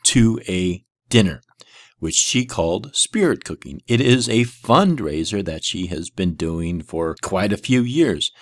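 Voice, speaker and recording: A man's voice: fairly low pitch, dry recording, clean studio sound. A man giving sarcastic, exasperated reaction commentary, debunking a video he plays.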